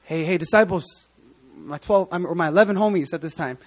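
A man's voice: a little high, fairly quick, slightly rough. A man putting on a casual, slangy voice for Jesus while retelling a story in a sermon. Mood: urgent. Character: Jesus as a laid-back man calling his friends.

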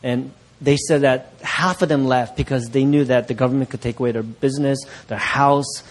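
A man's voice: mid-range voice, fairly even intonation, moderate pace. A middle-aged man preaching as pastor, telling a story and acting out the voices of people he quotes, often laughing. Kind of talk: sermon storytelling.

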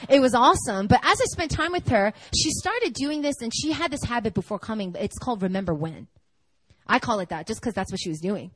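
Chatty, lively woman preacher. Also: fairly high pitch, brisk, no room sound, rough recording. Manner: chatty, animated, peppered with "like" and laughter. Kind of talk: conversational sermon with storytelling.

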